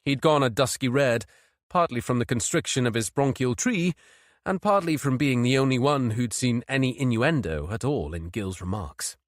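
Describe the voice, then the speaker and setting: A man narrating a mystery thriller audiobook in a steady, measured read. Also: mid-range voice, no room sound, clean studio sound. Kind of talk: scripted narration.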